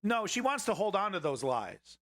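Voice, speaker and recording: A man's voice: high voice, sing-song, normal speed, fairly bright tone, no room sound, studio quality. A man hosting a live political commentary stream, ranting heatedly and swearing at his chat.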